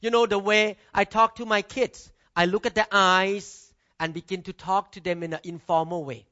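High, bright-voiced preaching man. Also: steady tone, normal speed. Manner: emphatic preaching with frequent "Amen". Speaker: pastor. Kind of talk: sermon. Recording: dull lo-fi recording.

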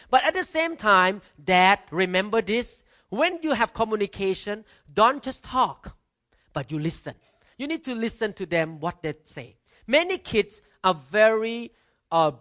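A man's voice: high-pitched, lively intonation, normal speed, fairly bright tone. A middle-aged male pastor, preaching emphatically and punctuating points with "Amen.". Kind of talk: sermon. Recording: dull lo-fi recording.

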